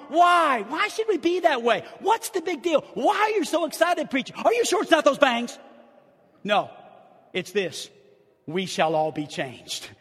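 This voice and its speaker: An older male pastor preaching in an old-timey style, his voice sitting high for a man. He drops to a hush for stories, then rises to ringing shouts. His words roll around a big church hall with a long echo. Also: big pitch swings, a little slow, breathy edge. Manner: old-timey preaching, swinging from hushed storytelling to shouted exclamations. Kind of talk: sermon. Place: church sanctuary.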